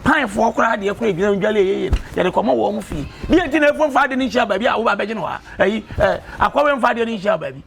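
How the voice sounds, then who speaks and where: A man's voice: high-pitched, animated, fast talker, vocal fry, few pauses, a bit bright, full character voice. An actor with a Ghanaian accent playing a talkative man who lectures and advises a young woman in a film drama. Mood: insistent.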